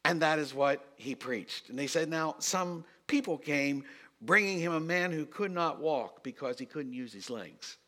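Animated preaching man, bright voice. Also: on the high side, a little slow. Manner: animated, swings from quiet asides to loud emphasis. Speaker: pastor. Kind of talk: storytelling sermon.

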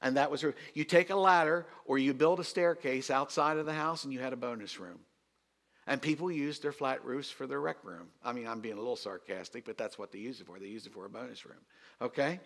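A middle-aged man, a pastor, telling a story in a sermon and swinging from quiet asides to loud emphasis. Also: medium pitch, brisk, vocal fry.

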